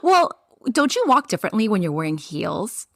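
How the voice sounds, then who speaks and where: A woman co-hosting a podcast in a relaxed, teasing casual chat. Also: mid-range voice, moderate pace, no echo, studio quality. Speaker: podcast co-host.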